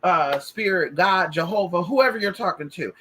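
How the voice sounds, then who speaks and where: A woman's voice: lowish voice, lively intonation, moderate pace, pushed and bright, husky, poor audio. A woman telling a spiritual story in casual talk, sassy and full of profanity. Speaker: spiritual practitioner.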